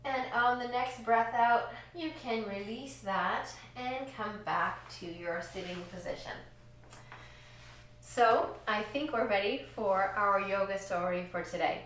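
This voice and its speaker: A woman teaching a children's yoga class, giving gentle, encouraging cues in time with slow breaths. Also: medium pitch, slight background noise. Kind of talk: guided kids yoga lesson. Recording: echoey room, distant from mic.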